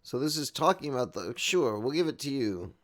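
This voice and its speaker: A man commentates his game live, riffing and joking as he goes. His voice sits at an ordinary mid pitch, and he reads the in-game text aloud with playful asides. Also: sing-song, fairly quick, fairly bright tone. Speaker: game streamer.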